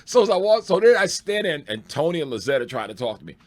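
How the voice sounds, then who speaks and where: Comedian guy telling war stories, super lively up and down voice, laughs and cusses a lot. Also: a little high, fast talker. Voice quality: excitable, swears freely, laughs through punchlines. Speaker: stand-up comedian guest. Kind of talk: animated storytelling.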